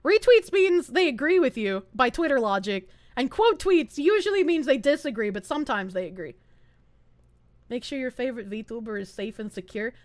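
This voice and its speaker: Animated young woman with a Southern accent. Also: high voice, moderate pace, no room sound. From American South. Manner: animated, laughs often, swears casually. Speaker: VTuber streamer. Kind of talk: casual stream chat, reading chat aloud.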